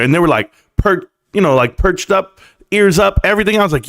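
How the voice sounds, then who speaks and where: A man hosting a live stream, talking casually and emphatically about the stock market and telling quick stories. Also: sits high, expressive, gravelly, a bit bright. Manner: chatty, storytelling, emphatic.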